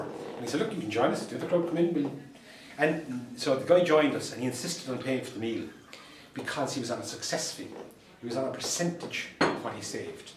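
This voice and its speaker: An Irish solicitor and mediator giving an anecdotal talk to fellow professionals, telling stories with dry humour and repeated punchlines. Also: male voice, mid-range voice, background noise. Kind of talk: anecdotal presentation to a professional audience. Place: meeting room. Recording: distant mic in an echoey room.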